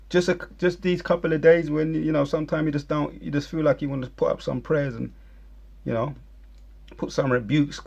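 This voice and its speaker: A man's voice: mid-range voice, vocal fry, lo-fi sound. A man giving heated, rambling religious commentary, scolding and preachy.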